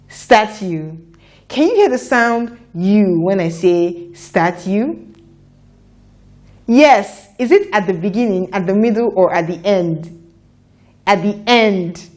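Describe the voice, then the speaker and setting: A woman teaching a children's phonics lesson, sounding out letters and words slowly for young learners to repeat. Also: mid-range voice, darkish tone. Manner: slow, deliberate, repeats sounds for children to echo.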